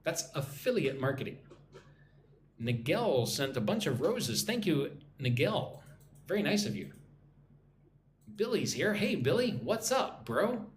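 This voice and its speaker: A man's voice: fairly high pitch, big pitch swings, a little slow, pauses often, reverberant, a little hiss or hum. A man teaching English on a live stream, reading chat comments and drilling pronunciation.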